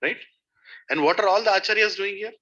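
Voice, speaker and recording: Man with a very bright, sharp voice. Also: high-pitched, fairly quick. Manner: storytelling, asks listeners questions. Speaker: spiritual teacher. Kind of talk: devotional talk to a satsang group. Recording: dull lo-fi recording.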